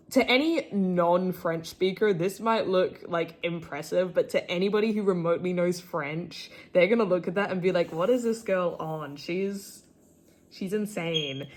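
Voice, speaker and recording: A teenage girl from Australia talking casually about her sketchbook, full of "like" and "um", self-deprecating, with squeals of delight over her favourite characters. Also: on the low side. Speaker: artist showing her sketchbook. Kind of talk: casual chat.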